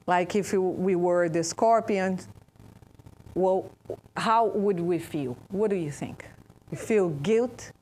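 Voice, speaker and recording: A woman with a Brazilian Portuguese accent giving an interactive spiritual talk to an audience. She pauses and restarts often while searching for words. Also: mid-range voice. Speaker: speaker at a spiritist center.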